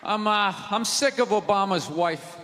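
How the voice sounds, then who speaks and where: A man doing stand-up comedy on a large theater stage, ranting loudly, sarcastic and profane. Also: sits high, a little slow. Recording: live theater reverb, crowd noise.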